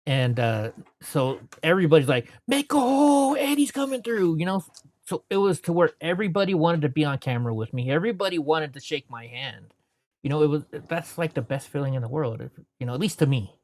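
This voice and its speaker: A man's voice: a little high, quick pace, darkish tone. A man as an interview guest, telling stories from his life in a rambling, casual way, filling his talk with "you know".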